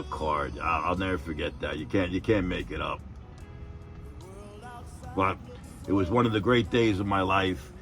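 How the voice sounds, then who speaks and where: A deep-voiced man in his 50s, slightly bright in tone, casually tells rambling, profane stories from his days as an electrician. He keeps tacking on "and everything" as he goes.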